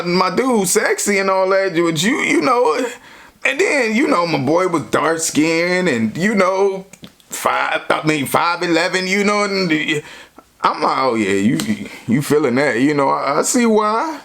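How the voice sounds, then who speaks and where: A man's voice: high-pitched, vocal fry, fairly bright tone. A man telling a personal story in a casual, rambling way, full of slang and constant "you know" fillers.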